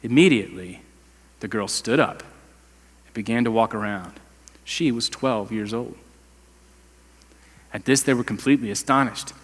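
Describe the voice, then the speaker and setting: A man's voice: fairly low pitch, moderate pace, pauses often, long reverb tail. A male pastor preaching a sermon in a conversational, emphatic way, with casual slang. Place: church sanctuary.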